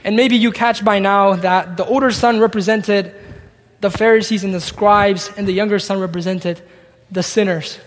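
Man, preacher, very high voice, long hall echo, expository sermon. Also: steady tone, moderate pace. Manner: expository, reads scripture and acts out the dialogue.

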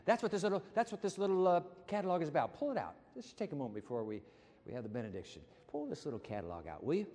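A male pastor preaching a sermon in a church, animated and quick to act out quotes with big pitch jumps. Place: church sanctuary with balcony. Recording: long hall reverb.

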